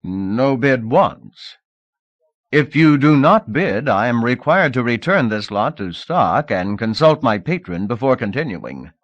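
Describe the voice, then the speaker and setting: A man's voice: mid-range voice, big pitch swings, measured pace, no echo, lo-fi sound, pitched above the performer's own voice. A man voicing a nervous, fawning male slave auctioneer who pleads and chants bids. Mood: pleading. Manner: pleading, wheedling, sing-song chanting.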